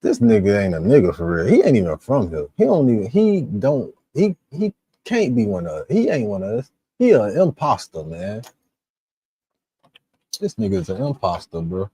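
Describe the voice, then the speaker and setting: Gravelly-voiced man ranting indignantly. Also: on the low side, wildly swooping pitch, normal speed, mellow, no echo. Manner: profane, indignant, exasperated ranting. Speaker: livestream reaction host. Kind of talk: live reaction commentary.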